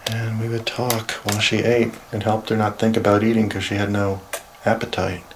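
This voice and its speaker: A man filming alone inside a house for a paranormal video diary, nervously calling out to spirits and often dropping to a hushed whisper. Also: lowish voice, level tone, moderate pace, noisy background. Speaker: paranormal vlogger. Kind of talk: solo ghost-hunting video diary.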